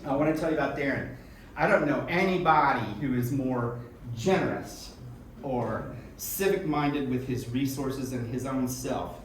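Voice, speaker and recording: A man's voice: medium pitch, measured pace. Chatty man hosting in an echoey hall. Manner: effusive, chatty, laughs often. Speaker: event host. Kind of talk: live stage introductions. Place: small event hall in a music school. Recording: echoey room from far off, noisy.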